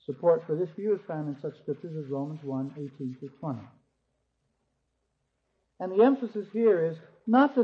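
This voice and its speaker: A man with a fairly high voice lectures a class on theology, alternating scripture readings with step-by-step explanation. He lifts his voice to stress key words. The recording is muffled and lo-fi. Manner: reads scripture aloud, then explains point by point. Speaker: theology teacher.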